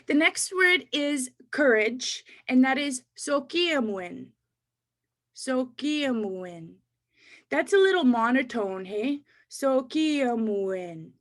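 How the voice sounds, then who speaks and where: A woman's voice: high voice, animated, a little slow. A Canadian woman, a poet and educator, reciting rhyming spoken word poetry and coaching listeners to repeat words after her. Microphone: online webinar mic.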